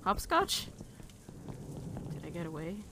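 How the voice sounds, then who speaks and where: A woman's voice: lowish voice, moderate pace, fairly bright tone. A young woman talks through a horror game she is playing, her voice jittery and full of nervous laughter. She swears when something startles her. A faint hiss runs under the recording. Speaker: let's play gamer.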